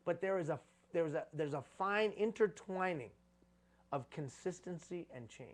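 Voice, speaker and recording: A man's voice: a little high, animated, moderate pace. A man giving a live conference talk on leadership, preaching with repeated phrases for emphasis.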